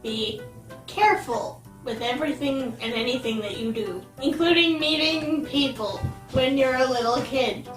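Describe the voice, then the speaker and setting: A woman's voice: sits high, normal speed, faint music behind. A young woman in college, chatting with her friend in a dry, sarcastic, dramatic way. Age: young adult. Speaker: friend of the host. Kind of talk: casual chat. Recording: echoey room, mic at a distance.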